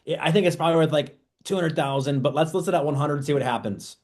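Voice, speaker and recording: A man voicing a hurried male land seller, who is a scammer eager to sell fast. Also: fairly high pitch, natural voice.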